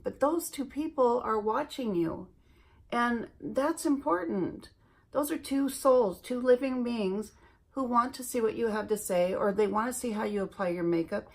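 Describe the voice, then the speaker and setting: A woman with a creaky, gravelly edge to her mid-pitched voice, talking through a get-ready-with-me makeup routine. She sounds earnest and reflective as she speaks directly to her viewers from a room at home. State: recovering from bronchitis. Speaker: beauty YouTuber.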